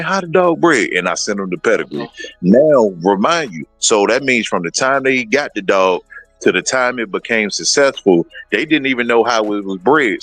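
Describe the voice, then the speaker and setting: A man with a fairly low voice talks in a casual livestream conversation as a guest breeder. He is animated and acts out other people's words as he tells his stories. The sound is close and dry, with faint music underneath. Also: no echo, low-quality recording.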